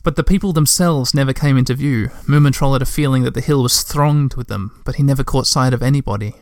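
A man's voice: mid-range voice, quick pace, no room sound, studio quality. A man reading a children's book aloud, breaking off for chatty asides to listeners. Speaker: reader.

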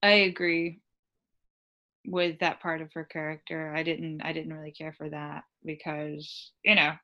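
A woman co-hosting a casual chat about a show, talking in a chatty, animated way and acting out lines of dialogue. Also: deep voice, a little slow, muffled recording. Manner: chatty, animated, lots of "like" and quoted voices. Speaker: podcast co-host.

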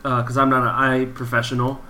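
Profane, bright-voiced male podcast co-host. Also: mid-range voice, fast. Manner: profane, animated storytelling. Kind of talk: casual chat.

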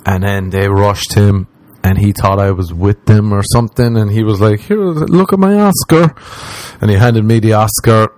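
Lower-voiced Irish man telling rambling stories. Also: monotone, normal speed, a little mellow, dry recording, rough recording. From Ireland. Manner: rambling, profane and self-mocking, slipping into exaggerated voices when quoting people. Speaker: podcast host. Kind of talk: casual comedic storytelling monologue.

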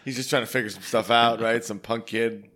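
A man's voice: mid-range voice, steady tone, a little fast, a bit bright. A man in casual conversation, throwing in short agreeing remarks and questions. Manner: short encouraging backchannel remarks. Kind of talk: casual chat.

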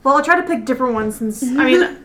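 A woman's voice: high-pitched, lively intonation, fast. A woman co-hosting a casual podcast, earnestly recalling things with friends. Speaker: podcast co-host. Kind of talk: casual chat among friends.

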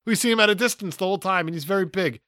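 A man co-hosting a podcast, recapping a movie in sarcastic, animated casual chat with frequent laughter. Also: sits high, rapid-fire, dry recording, studio quality. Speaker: podcast co-host.

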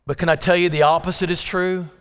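A male preacher delivering an impassioned sermon, swinging from pleading questions to slow, low emphasis. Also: little pitch movement, a bit bright, clean tone. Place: church sanctuary. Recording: long reverb of a church hall.

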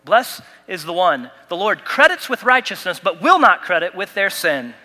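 A man's voice: high-pitched, sing-song, normal speed, pushed and bright, big-room sound. A man pastor delivering a sermon, preaching with emphatic repetition and light humor. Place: church sanctuary.

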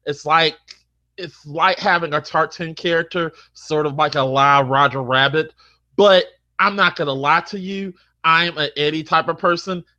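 A man on a panel show, ranting with exaggerated repetition and breaking into loud yells. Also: on the high side, normal speed, lo-fi sound. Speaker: panel contestant. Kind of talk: comedic rant.

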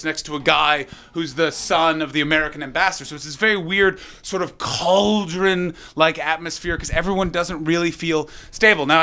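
A man's voice: a little high, bright, forceful tone. A man from Canada, doing live stand-up and teasing the audience with brash, profane banter. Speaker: stand-up comedian. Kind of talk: live stand-up with crowd work.

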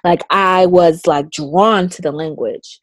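Taking her time, a young woman with a fairly low voice brings her anecdotes to life by performing others' words with dramatic pitch shifts, as if chatting in an easygoing interview. There's no room sound; the audio is dry and intimate.

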